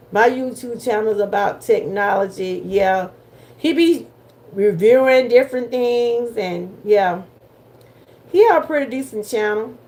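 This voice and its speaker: An older grandmother with a Southern US accent hosts a relaxed livestream, talking straight to her viewers. Her voice sits a little high for a woman, and her manner is folksy and familiar. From Georgia, US. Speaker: livestream host. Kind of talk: casual livestream chat.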